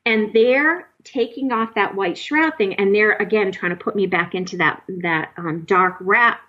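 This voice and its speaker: A woman guest recounting a personal experience in a halting, emotional way, with many fillers and restarts. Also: mid-range voice, bright, forceful tone, lo-fi sound. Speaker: guest telling her experience.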